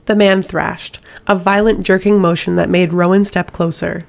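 A woman narrating an audiobook in a steady, measured way. Her voice is fairly low and carries a gravelly fry. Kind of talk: scripted narration.

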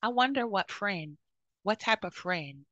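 A woman's voice: medium pitch, lively intonation, unhurried, sharp tone, dry recording, muffled recording. A woman in her fifties giving blunt, outspoken advice to other women, often checking in with "okay?". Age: 50s. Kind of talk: frank advice monologue.

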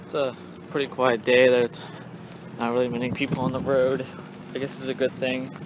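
A man's voice: completely flat delivery, moderate pace, background noise. A young man talking casually to the camera in a vlog, with playful joking asides. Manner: playful, yells silly catchphrases in a high voice. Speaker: vlogger.

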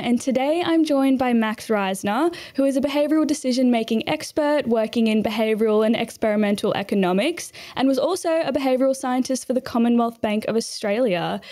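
A woman's voice: a little high, darkish tone. A woman hosting a podcast interview, asking questions in a friendly, upbeat way. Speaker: podcast host. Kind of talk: scripted intro then casual interview.

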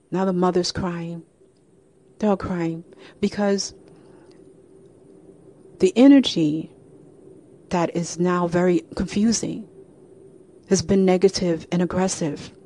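A woman hosting her own show, telling a family story at a measured pace. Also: lowish voice, fairly even intonation, dark tone. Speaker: host.

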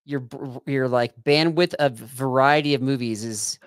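A man's voice: mid-range voice, fairly even intonation, measured pace, clear, resonant tone, dry recording, studio quality. A man co-hosting a casual podcast, teasing his partner in a playful way and laughing often. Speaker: podcast co-host.

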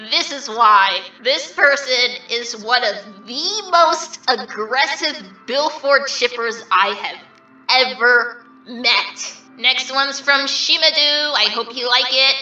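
A woman's voice: high voice, sharp tone, reverberant, far from the mic, dull audio, exaggerated voice. A woman voicing a vain, mischievous male triangle dream demon who reacts to fan art in a smug, theatrical, mock-offended way.

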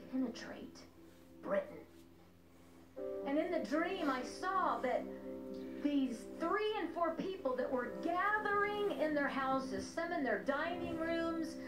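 High-voiced woman telling a dream slowly. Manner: solemn, repeats lines for emphasis. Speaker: prophetic minister. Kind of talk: recounting a prophetic dream. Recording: echoey with music behind.

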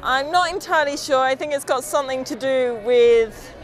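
A woman's voice: sits high, normal speed. A woman answering a street interview question tentatively and thoughtfully. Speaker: student interviewee. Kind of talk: street vox pop answer.

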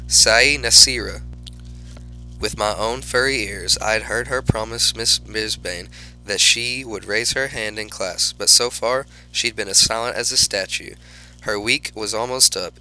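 Sharp-toned man narrating a storybook. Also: fairly low pitch, low-quality recording. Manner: animated, lively exclamations. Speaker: audiobook narrator. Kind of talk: first-person storybook narration as a class pet hamster.

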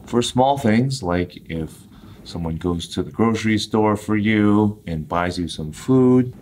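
A low-voiced American man teaches everyday English phrases. He speaks clearly and deliberately and acts out each example line. A faint room hum sits under his voice. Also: expressive, a little mellow.

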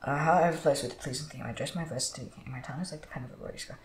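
A man's voice: mid-range voice, rapid-fire. Man reading scripture in an echoey room. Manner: steady reading with slips and restarts. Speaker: Bible reader. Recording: echoey room with background noise.

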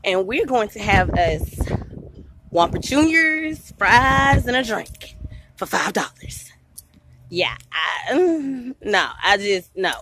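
A woman, chatting excitedly to her viewers while driving, a little out of breath and laughing often. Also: mid-range voice, slow, a little hiss or hum. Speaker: vlogger and mom. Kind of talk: casual vlog talk to viewers. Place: inside a car while driving. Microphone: handheld phone camera.

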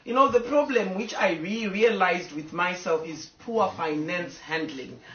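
A woman's voice: on the low side, measured pace. Woman on a live video, emotional, rambling, distant from the mic, dull roomy sound. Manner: talks to fans, stops to scold her dogs. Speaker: social media personality. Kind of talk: casual live video to fans. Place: home with a fireplace.

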